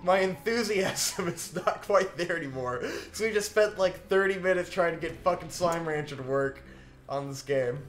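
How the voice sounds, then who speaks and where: A man's voice: high-pitched, normal speed, roomy sound, soft background music. A man co-hosting a casual gaming chat, wry and swearing freely. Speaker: co-host.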